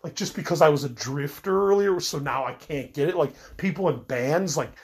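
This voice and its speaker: In an animated voice on the high side with a breathy edge, a middle-aged podcast host who has a cold rambles at a moderate pace. He vents his frustrations casually, full of fillers and restarts.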